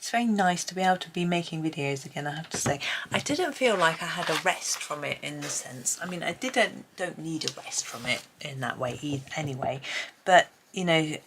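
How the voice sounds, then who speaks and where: Low-voiced British woman chatting while colouring. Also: lively intonation, brisk, noisy background. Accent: mild British. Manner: rambling, chatty, many ums and restarts. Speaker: colouring channel host. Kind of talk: casual chat while colouring.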